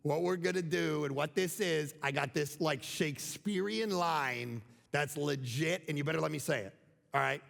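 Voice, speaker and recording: A man's voice: on the high side, moderate pace, vocal fry, fairly bright tone, in a large hall, voice pushed down. A man voicing a cocky male angel, boastful and swaggering. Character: cocky male angel proud of his line.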